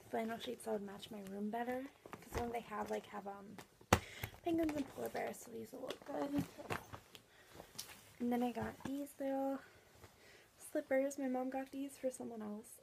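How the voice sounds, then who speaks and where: Young woman, gravelly fry, fairly high voice, rambling casual vlog talk, steady noise behind. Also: normal speed. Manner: chatty, rambling with many fillers. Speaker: vlogger.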